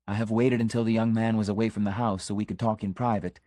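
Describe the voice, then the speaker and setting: A man's voice: fairly low pitch, level tone, quick pace, mellow, no room sound, close to an everyday voice. A man reading the part of an earnest, scandalized middle-aged country constable who delivers an urgent, conspiratorial warning. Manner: urgent, conspiratorial warning, drops to a stage whisper. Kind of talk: audiobook character reading.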